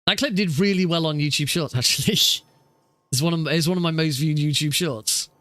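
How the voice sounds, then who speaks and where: A man's voice: fairly high pitch, brisk, a bit bright, no echo. Rambling young man streaming a speedrun. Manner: rambling, many fillers and restarts. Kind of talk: live stream game commentary.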